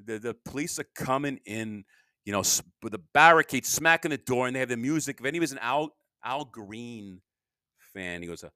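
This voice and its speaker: A tired middle-aged man rambles through a solo podcast monologue, with a mid-pitched voice that rises and falls a lot. He keeps cutting himself off and swings between loud bursts and low mumbles. The sound is close and dry, with no room around it. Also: expressive, brisk, no echo. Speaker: podcast host.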